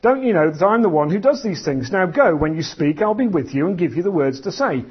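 A man reading the lines of God, a patient, commanding male deity, as scripture in a lively voice. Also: high voice, fairly quick, husky, full character voice. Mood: reassuring. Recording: dull lo-fi sound.

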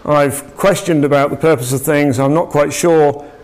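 A man's voice: on the high side, steady tone, moderate pace, darkish tone. A man giving an informal church talk, conversational and rambling, with frequent restarts and asides to the congregation. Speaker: preacher. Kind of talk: informal sermon.

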